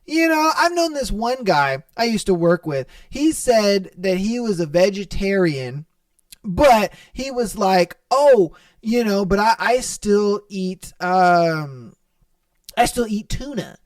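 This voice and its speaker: A man's voice: sits high, sing-song, slow, dry recording, distant mic. A young man hosting a podcast, telling funny customer stories in a casual, profane way and laughing as he goes. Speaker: podcast host. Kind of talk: casual storytelling monologue.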